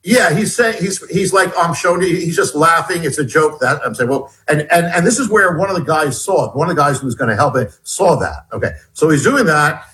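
A middle-aged man telling a personal story as a guest, animated and halting, with many restarts. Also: a little high, rough recording. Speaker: guest author. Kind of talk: storytelling in an interview.

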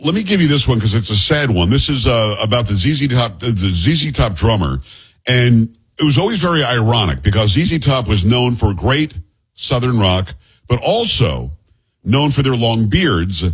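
A man's voice: mid-range voice, big pitch swings, moderate pace, husky. A man hosting a radio talk show from a studio, rambling and joking in teasing banter with his co-host. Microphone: studio microphone.

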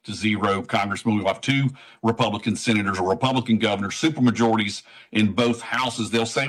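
A man's voice: fairly low pitch, fairly quick, hardly any pauses. A man from Tennessee, a candidate guest urging listeners to vote, in a rallying, repetitive way. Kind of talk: campaign talk on radio.

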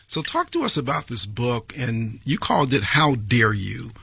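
A male radio host with a heavily gravelly, husky voice and a measured, emphatic delivery. He is recorded close and dry in the studio, without any room echo. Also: medium pitch, big pitch swings, pushed and bright. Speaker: radio talk show host. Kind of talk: radio interview.

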